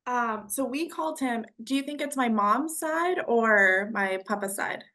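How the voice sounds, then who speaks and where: An eager woman chatting as a client on a call, quick to react. Her voice is high and bright. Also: animated. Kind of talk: casual conversation over a call.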